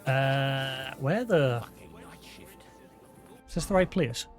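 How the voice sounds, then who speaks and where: A Geordie man talks casually over his gameplay, wandering from thought to thought and laughing at his own fumbling. His pitch sits mid-range, and faint music runs underneath. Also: lively intonation, very slow. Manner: rambling and self-deprecating, with frequent "like" fillers. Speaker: streamer. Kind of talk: casual live-stream chat while gaming.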